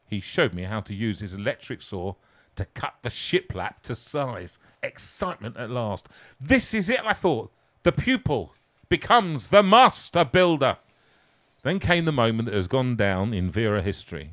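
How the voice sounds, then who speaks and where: A man reads his own comic story aloud in a theatrical, self-mocking style, shifting from hushed asides to loud peaks. His voice is on the low side.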